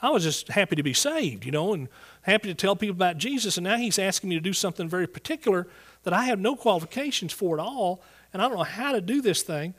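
A man's voice: high voice, expressive, quick pace, a bit bright. A man with a Southern US accent telling his calling story as a Bible teacher, folksy and earnest, with restarts, to a church congregation. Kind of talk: sermon testimony. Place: church service before a congregation.

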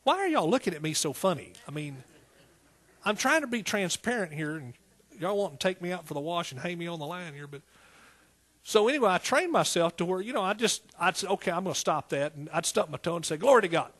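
A middle-aged man preaches with an East Texas accent, folksy and down-to-earth, calling out to his congregation for responses. His voice is husky and sits a little high for a man, and he leans on repetition as he builds. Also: animated, fairly quick, a bit bright. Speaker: pastor. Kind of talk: sermon.

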